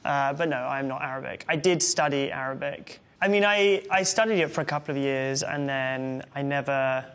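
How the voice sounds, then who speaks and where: Wry young Englishman, gravelly edge. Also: medium pitch, normal speed, fairly bright tone. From England. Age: 20s. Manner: wry, self-deprecating. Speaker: interviewee. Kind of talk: reading web questions aloud and answering.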